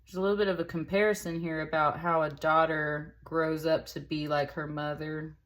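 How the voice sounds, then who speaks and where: A woman's voice: low voice, little pitch movement, moderate pace, a bit bright. A woman giving a casual tarot reading, chatty and rambling, with lots of fillers. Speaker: tarot reader.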